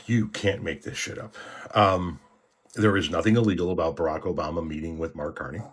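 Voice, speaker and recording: Deep, husky man ranting scornfully. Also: steady tone, fairly quick. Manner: scornful, blunt, curses at opponents. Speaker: commentary vlogger. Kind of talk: angry profane rant.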